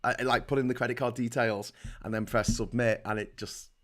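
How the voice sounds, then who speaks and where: A Liverpool-accented livestream host speaks briskly in a mid-range voice that's a bit bright, with fairly even intonation. Reading out viewers' comments, he responds in a blunt, sweary, meandering manner.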